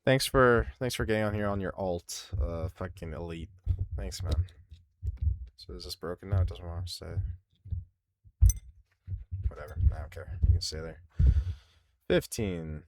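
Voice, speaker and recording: A man's voice: deep voice, a little slow, long pauses, no room sound. A man hosting a live stream, reading out viewer responses and mocking them in a crude, exasperated way. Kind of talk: casual live-stream commentary.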